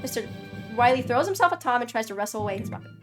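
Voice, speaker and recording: A woman streaming as she reads a story game aloud, with a fairly high voice. Her dramatic reading gives way to loud, sweary reactions. Soft music plays underneath. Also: animated, racing.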